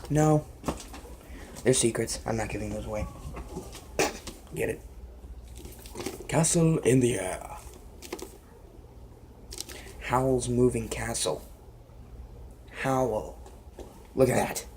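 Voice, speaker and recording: A man's voice: mid-range voice, slow, long pauses, darkish tone, a little hiss or hum. A man vlogging casually as he reads book passages aloud, giggling and joking between lines. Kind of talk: casual reading-aloud vlog.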